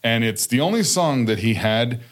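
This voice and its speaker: A man's voice: medium pitch, animated, normal speed. Guy co-hosting a chat show, rambly, fixes his own words as he goes, ordinary mid voice. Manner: rambling, self-correcting music recommendations. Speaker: podcast co-host. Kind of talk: casual chat.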